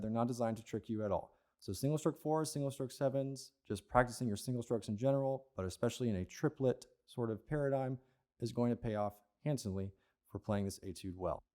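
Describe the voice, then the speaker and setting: A man's voice: medium pitch, warm tone. A man teaching an advanced percussion lesson, explaining patiently and checking in with "okay?" and "right?" as he goes. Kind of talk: instructional lesson.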